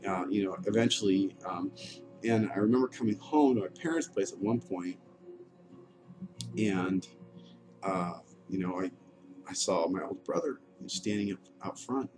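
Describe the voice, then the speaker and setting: A low-pitched man in his thirties speaks a candid personal monologue. He is halting and frank, with many fillers and restarts. Music plays clearly behind him. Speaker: vlogger telling his life story. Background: music playing.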